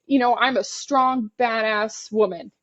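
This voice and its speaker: A woman co-hosting a podcast, telling her fieldwork stories casually, animated and frank, with free swearing. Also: a little high, a little slow, dull audio. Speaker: podcast co-host, turtle biologist. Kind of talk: casual storytelling.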